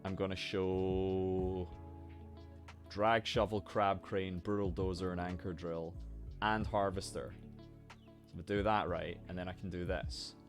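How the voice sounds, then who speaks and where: A young man hosting a casual live stream, excitable, swearing freely and greeting his chat. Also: low voice, measured pace. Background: faint lo-fi music.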